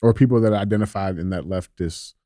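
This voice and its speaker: A man's voice: fairly low pitch, a little fast, mellow, no echo, studio quality. A man hosting a casual podcast who reads out the headlines in a loose, upbeat way, saying "man" and "dude" a lot. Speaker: podcast host reading headlines.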